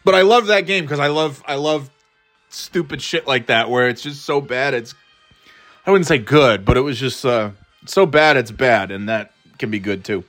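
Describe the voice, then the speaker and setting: Male podcast host, mid-pitched, rambling and profane, faint music bed. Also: moderate pace, a bit bright. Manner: rambling, profane, self-mocking, many restarts. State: throat irritated, clearing it. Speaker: podcast host giving football picks. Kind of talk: casual rambling monologue.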